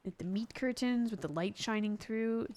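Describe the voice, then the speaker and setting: A woman streaming a video game, chatting with viewers and giggling loudly at what happens on screen. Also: on the high side. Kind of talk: live gameplay commentary.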